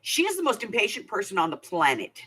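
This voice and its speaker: A woman's voice: medium pitch, huge pitch swings, quick pace, a bit bright, breathy edge. An older woman hosting a craft channel, telling a rambling, chatty story with many asides. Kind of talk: casual storytelling vlog.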